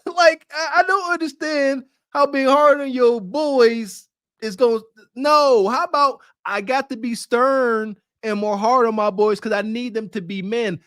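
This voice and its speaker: A man's voice: high-pitched, dry recording, studio quality. A man co-hosting a podcast, giving mocking, preachy reaction commentary. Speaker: podcast co-host.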